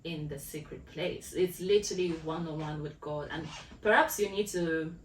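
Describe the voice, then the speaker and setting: A woman's voice: low voice, normal speed. A woman co-hosting a podcast in casual faith conversation, reflective and thinking aloud. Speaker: podcast co-host. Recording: echoey room, distant mic, faint noise.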